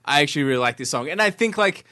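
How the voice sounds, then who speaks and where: A man's voice: fairly high pitch, lively intonation, racing, sharp tone, no echo. Man, podcast guest, thoughtful, laughs a lot, dry close sound. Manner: laughs often, thoughtful, defends his view. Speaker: podcast co-host. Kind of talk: casual podcast chat.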